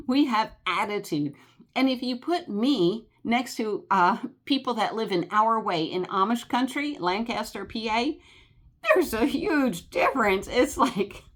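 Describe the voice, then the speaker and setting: Chatty New Jersey woman vlogger. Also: fairly high pitch. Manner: chatty, animated, many fillers and laughs. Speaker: travel vlogger. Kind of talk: casual rambling chat.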